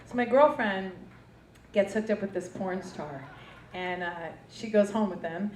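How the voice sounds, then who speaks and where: A New Jersey woman with a mid-range, slightly mellow voice speaks unhurriedly while doing a brash, profane stand-up routine with punchy delivery. It's recorded from a distance in a roomy club, with the live audience audible.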